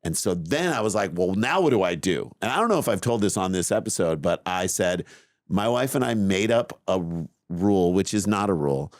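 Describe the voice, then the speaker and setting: A middle-aged man co-hosting a podcast, telling a long story in a lively, self-mocking way. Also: sits low, fairly quick, no room sound, studio quality. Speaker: podcast co-host. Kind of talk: casual chat, storytelling.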